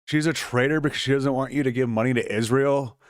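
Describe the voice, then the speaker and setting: A man's voice: medium pitch, steady tone, quick pace, dry recording, clean studio sound. A man co-hosting a political commentary show, sarcastic and mocking in his remarks.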